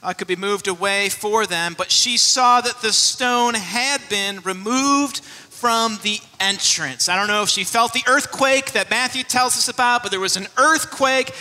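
A man's voice: sits high, unhurried, bright, forceful tone, in a large hall. A man preaching a sermon as a pastor, telling the scripture story and acting out the voices in it.

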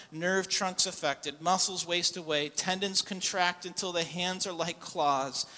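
A pastor preaching in a bright, high voice whose words ring out in a church hall with a long echo. He moves from quiet, solemn passages to loud, fervent calls. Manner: builds to loud impassioned preaching. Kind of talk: sermon.

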